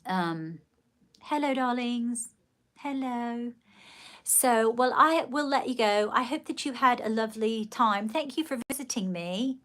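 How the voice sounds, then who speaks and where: A woman's voice: on the high side, expressive, unhurried, fairly bright tone. A middle-aged woman hosting a live stream, telling rambling stories in casual chat and calling her viewers darling. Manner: chatty, rambling storytelling, calls viewers darling. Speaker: livestream host.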